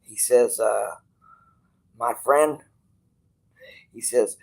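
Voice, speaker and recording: A man's voice: medium pitch, fairly even intonation, slow, vocal fry, pauses often, husky, low-quality recording. A man hosting his channel, telling a personal story to viewers in a rambling, casual way, quoting others and swearing freely. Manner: rambling, restarts, quotes others in dialogue, swears. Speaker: channel host.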